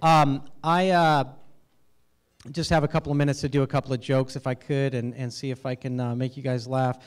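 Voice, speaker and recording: A man from the United States performing an animated, self-deprecating stand-up set at an awards event, with halting fillers. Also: medium pitch, clean tone, soft background music. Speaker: stand-up comedian. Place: event hall with audience laughter.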